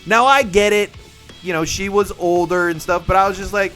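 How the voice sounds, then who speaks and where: A man's voice: sits high, moderate pace, faint music behind. A young man hosting a live stream, telling a story in casual chat with viewers and acting out the voices in it. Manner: animated, acts out voices in his stories. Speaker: livestream host.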